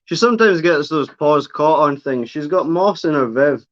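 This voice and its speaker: A man's voice: a little high, animated, normal speed, a bit bright, dry recording. A man hosting a casual livestream, chatting fondly about his pet spider and cooing at her now and then. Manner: chatty, fond baby talk to his spider. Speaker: livestream host showing pet reptiles and spiders. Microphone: camera on a tripod, close by. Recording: dull, slightly lo-fi sound.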